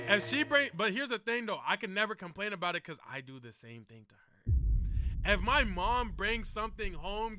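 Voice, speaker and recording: Lively high-voiced young streamer man. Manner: slangy and animated, calling the listener bro and gang. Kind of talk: casual reaction commentary.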